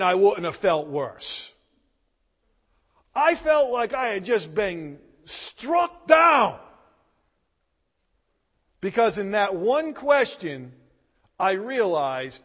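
Male pastor, lively swooping delivery, emphatic sermon storyteller, heard in a reverberant hall. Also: sits high. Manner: emphatic, animated storyteller, bursts of loud emphasis.

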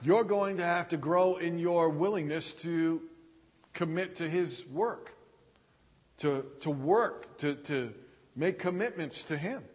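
Guy preaching slow, kinda high voice, earnest, repeats himself, big echoey hall. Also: husky. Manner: earnest preaching with repetition and halting restarts. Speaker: pastor. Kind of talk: sermon.

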